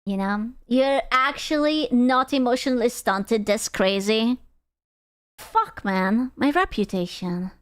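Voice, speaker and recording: A woman's voice: fairly high pitch, lively intonation, slow pace. A young woman live-streaming, chatting casually in a rambling way, swearing freely and laughing often. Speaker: VTuber streamer.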